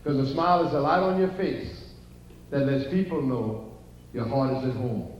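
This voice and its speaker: A stand-up storyteller, an older man with a Cajun Louisiana accent, delivers live comedy to a theater audience, telling jokes in his meandering, down-home way. His voice is medium-pitched and his pace moderate, with slight hiss or hum in the audio. The recording is roomy, distant, and dull, as if taken from the audience.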